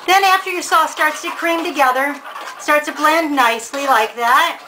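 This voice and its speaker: A woman's voice: high voice, normal speed, background noise. A woman giving a casual cooking demonstration in a home kitchen, chatty and homey, talking straight to the viewer. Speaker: home cook presenting a recipe.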